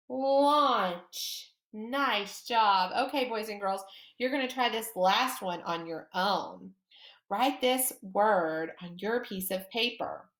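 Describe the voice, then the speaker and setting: A woman teaching a phonics lesson to young children, sounding out letters slowly and praising often. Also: mid-range voice, expressive, fairly bright tone, echoey room.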